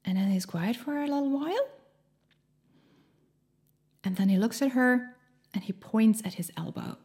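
Slow, encouraging higher-voiced woman. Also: expressive, a little mellow. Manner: encouraging, chatty, laughs often, many fillers. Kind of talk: casual motivational talk.

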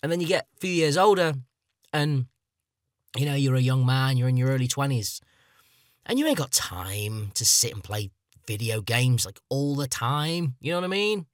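A man's voice: medium pitch, expressive, normal speed, dry recording, clean studio sound. A man, hosting a solo podcast in a rambling, self-mocking, chatty way. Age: 30s. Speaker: podcast host. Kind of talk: comedic solo podcast monologue.

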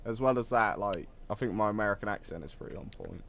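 A man's voice: fairly low pitch, fast talker, fairly bright tone, a little hiss or hum. A young man co-hosting a podcast in casual chat, rambling and self-deprecating with lots of fillers. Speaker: podcast co-host.

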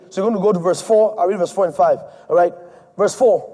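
A male preacher delivering an emphatic, repetitive sermon that swings between loud and soft. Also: high-pitched, fast.

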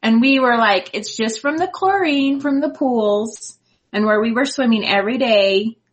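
A woman's voice: on the high side, moderate pace, poor audio. A woman in her thirties, a mother chatting casually and telling a story, acting out the lines of her son. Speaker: mom and co-host.

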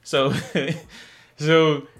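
Young man, animated laughing storyteller. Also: fairly high pitch, drawn-out words. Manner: animated, laughing retelling with mimicked voices. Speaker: podcast co-host. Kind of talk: casual storytelling chat.

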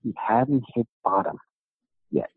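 Speaking slowly at a medium pitch, a middle-aged New York man with a slightly rough voice narrates a lengthy story as a podcast guest. The author and gym owner is lively in the telling, giving each person in it a voice of their own. There's no echo, though the sound is thin and phone-like.

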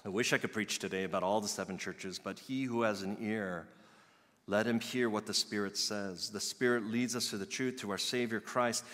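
A male pastor preaching a sermon in an earnest way, building to loud emphatic peaks and dropping soft again. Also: lowish voice, fairly even intonation, moderate pace. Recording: long reverb of a large hall.

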